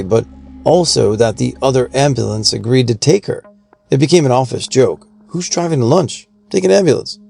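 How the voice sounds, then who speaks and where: A man reading out forum stories in an even, steady scripted narration. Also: medium pitch, vocal fry.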